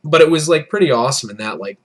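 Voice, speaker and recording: A man's voice: fairly high pitch, expressive, quick pace. A young man in his early twenties, tipsy from beer, telling a rambling, profane, self-deprecating story in a casual vlog. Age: early 20s. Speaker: vlogger.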